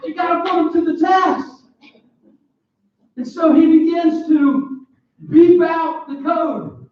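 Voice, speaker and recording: A man in his forties preaching a sermon, animated and joking, with sudden loud bursts. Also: very high-pitched. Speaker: pastor. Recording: echoey, distant, dull church PA recording.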